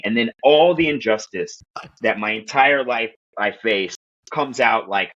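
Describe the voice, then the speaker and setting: Podcast guest, a man from Queens, New York, telling lively casual stories in a slightly low voice, muffled sound. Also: moderate pace. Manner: animated, profane, acts out quoted voices. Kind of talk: casual storytelling chat.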